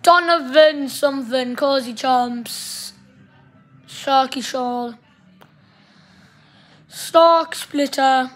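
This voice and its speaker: A woman's voice: high-pitched, extremely slow, pauses often, soft background music. A woman giving casual, rambling gameplay commentary, chatty and swearing mildly as she goes. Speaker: gaming streamer.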